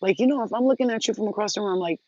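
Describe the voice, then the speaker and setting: A woman's voice: mid-range voice, racing, darkish tone, no room sound. Woman vlogging to her viewers, blunt and cussing a lot, dry close sound, kinda dull lo-fi audio. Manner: blunt, profane, emphatic. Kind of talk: casual direct-to-camera talk.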